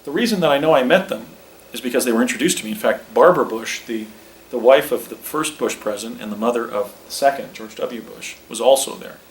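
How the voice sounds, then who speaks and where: A man's voice: medium pitch, fast talker, slight background noise, poor audio. A middle-aged man giving a presentation with slides, rambling with many restarts and a little out of breath. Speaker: speaker recounting personal claims.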